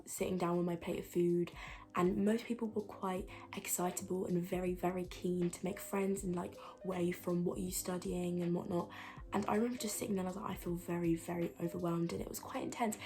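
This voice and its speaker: A woman's voice: lowish voice, a little mellow. A young woman from England, a student vlogger chatting casually to camera, rambling with lots of fillers and restarts. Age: young adult.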